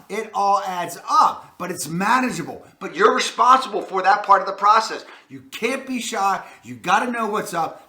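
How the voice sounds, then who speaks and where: A man with a Baltimore accent, a real estate agent hosting an energetic advice talk, emphatic and full of catchphrases. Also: high-pitched, reverberant.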